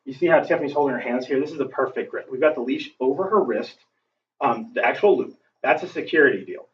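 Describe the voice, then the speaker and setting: A dog trainer gives a casual instructional demonstration, talking through each step with fillers in a mid-range voice at a quick pace. The recording is distant, dull, and lo-fi, with faint background noise.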